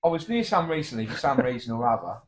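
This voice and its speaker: Man, middle-aged, cheeky, blokey, comic banter, animated delivery. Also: mid-range voice, fast talker. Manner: cheeky, blokey, saying mate a lot. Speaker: comedy double act co-host.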